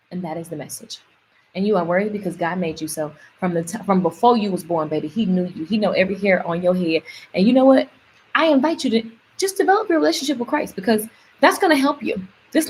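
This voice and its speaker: A woman's voice: mid-range voice, expressive, fast talker, slight background noise. A young woman, coaching her audience in a casual motivational livestream, chatty and preachy and repeating words for emphasis.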